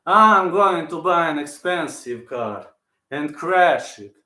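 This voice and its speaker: A calm male fighter, drawled out slowly and flatly, as a man puts him on. The tone sits a bit low and stays bright. The room around it echoes. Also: full character voice. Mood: deadpan. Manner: slow, measured, deadpan delivery. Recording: roomy echo.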